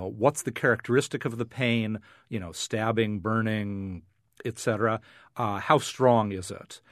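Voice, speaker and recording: A man's voice: medium pitch, dry recording, studio quality. Man explaining science with many fillers. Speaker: neuroscience professor, guest. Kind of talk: radio interview, explaining.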